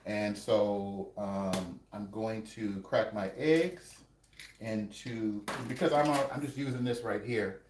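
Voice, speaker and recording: A man co-hosting a casual cooking vlog at home, calmly explaining each step as he cooks. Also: lowish voice, takes it slowly, reverberant, distant mic, a little hiss or hum. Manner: laid-back, explains steps as he goes. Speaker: co-host cooking. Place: home kitchen.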